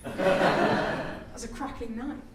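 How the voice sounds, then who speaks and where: Woman, stand-up comedian, self-mocking chat, high voice, roomy live recording. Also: slow, heavy background noise. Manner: chatty, self-mocking, bursts into squealing act-outs. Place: theatre stage before a laughing audience. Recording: roomy live theatre recording, mic at a distance, loud audience.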